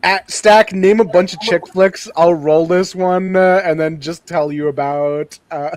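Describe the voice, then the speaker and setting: A man's voice: sits high, fairly even intonation, a little slow, darkish tone, dry recording. A man hosting a casual group chat, playful and joking as he runs the segment. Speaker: podcast host.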